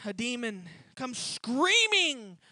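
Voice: medium pitch, very animated, slow pace, sharp tone, dry recording. A preacher giving a sermon as a vivid dramatic retelling, often repeating words as they restart a thought.

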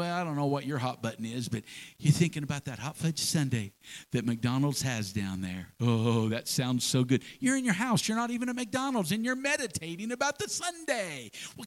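A man preaching a sermon in a church, folksy and animated, with homespun examples and repeated phrases. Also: sits high, poor audio. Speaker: pastor.

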